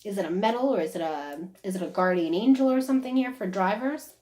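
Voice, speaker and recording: A woman's voice: mid-range voice, fast talker, a little mellow. A woman giving a casual psychic reading who talks on and on and keeps checking "is that correct?". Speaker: psychic medium. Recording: roomy echo.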